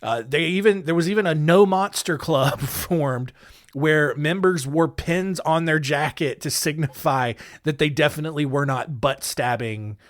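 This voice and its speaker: A man hosting a podcast, telling history stories in a casual, jokey way with plenty of filler words. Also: on the high side. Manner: jokey, animated, lots of fillers. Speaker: podcast host.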